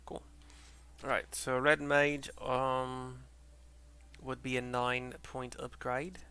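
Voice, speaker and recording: A man casually narrates a game story for blind viewers. His voice is bright and forceful, and he rambles, swears and pokes fun at himself. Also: medium pitch, monotone, slow pace, clean tone. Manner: rambling, swears, self-deprecating. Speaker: gaming narrator.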